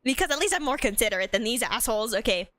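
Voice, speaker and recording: A woman's voice: a little high, lively intonation, quick pace, a bit bright, no room sound. A woman streaming a game, chatting casually with giggly, rambling trash talk. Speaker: gaming streamer. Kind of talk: casual live-stream chat.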